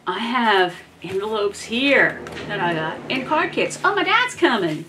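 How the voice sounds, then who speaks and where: A woman with a drawl talks her way through a craft project at her desk, slow and unhurried, murmuring little half-whispered asides to herself. Her home recording carries a clear hiss of background noise. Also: on the high side, very animated. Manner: muttering half-whispered asides while she works. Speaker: crafting vlogger. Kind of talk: casual craft demo talk.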